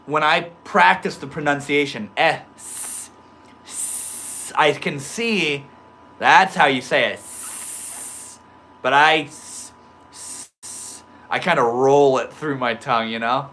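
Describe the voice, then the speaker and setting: A man's voice: mid-range voice, moderate pace, sharp tone, slight background noise. A man chatting loosely with his livestream viewers, reading their comments aloud in slangy talk full of bro and dude. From Maine. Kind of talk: casual livestream chat.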